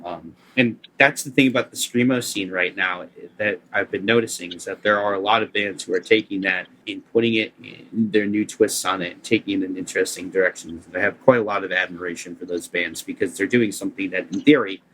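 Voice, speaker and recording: Very low-voiced man, enthusiastic music talk. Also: steady tone, a little fast, few pauses, a bit bright, low-quality recording. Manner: enthusiastic, rambling, lots of fillers. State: vocal nodules. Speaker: podcast host. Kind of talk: casual music chat.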